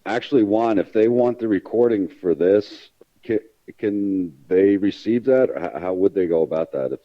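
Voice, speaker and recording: A man's voice: lowish voice, normal speed. A man joining a training conference call, speaking casually. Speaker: call participant. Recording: muffled phone line.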